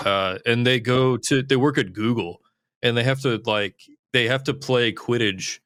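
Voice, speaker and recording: A man's voice: medium pitch, a little slow, a bit bright, no room sound, clean studio sound. A man hosting a podcast, chatting casually in a rambling, profane way with lots of "like". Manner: rambling, profane, heavy use of "like". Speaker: podcast host. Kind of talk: casual chat.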